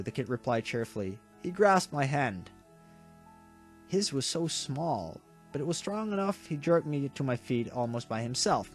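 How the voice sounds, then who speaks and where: A man reading a visual novel aloud with dramatic delivery and quick reactions. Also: a little high, expressive, soft background music. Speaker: game streamer.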